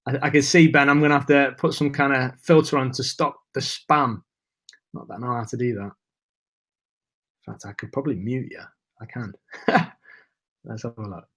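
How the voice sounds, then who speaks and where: A man's voice: medium pitch, fairly even intonation, normal speed, long pauses, fairly bright tone. A man hosting a live webinar, chatting casually and greeting viewers by name, a bit nervous. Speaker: webinar host.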